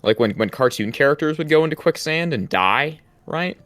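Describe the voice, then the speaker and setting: Lively, insistent podcast co-host. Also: mid-range voice, normal speed, dry recording. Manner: insistent, playfully defensive. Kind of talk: casual movie chat.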